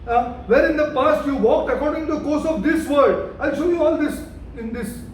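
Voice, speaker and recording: Echoey, repetitive preacher. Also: male voice, very high-pitched, moderate pace. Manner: repetitive, questioning the listeners, emphatic. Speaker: pastor teaching a Bible study. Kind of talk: interactive Bible study teaching. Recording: very echoey room, voice from a distance, light noise.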